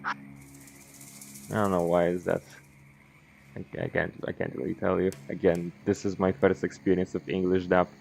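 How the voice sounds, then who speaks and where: A man's voice: low voice, level tone, normal speed, vocal fry, long pauses, a little mellow, slight background noise, low-quality recording. A man streaming a game and chatting casually, rambling, correcting himself and swearing offhand. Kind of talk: casual gameplay commentary.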